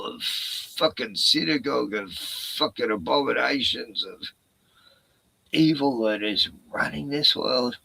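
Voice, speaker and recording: A man's voice: medium pitch, gravelly, pushed and bright, slightly rough, poor audio. An Australian man hosting a rambling livestream, ranting with heavy profanity and reading viewer comments aloud. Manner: drawn-out filler sounds and restarts. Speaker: livestream host. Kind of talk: rambling solo livestream chat.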